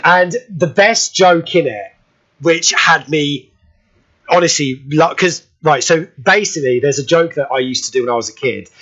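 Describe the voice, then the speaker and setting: British guy hosting a radio show, chatty and excitable, kinda dull lo-fi sound. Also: on the high side, moderate pace. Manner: excitable, bursts into laughter, does impressions. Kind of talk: casual chat.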